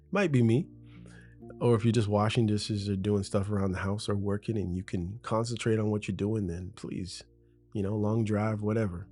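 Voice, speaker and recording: Seated at a studio mic with a foam shield in front of a window at home, a male podcast host rambles casually off script like he's talking to his best friend. His voice is lowish and mellow.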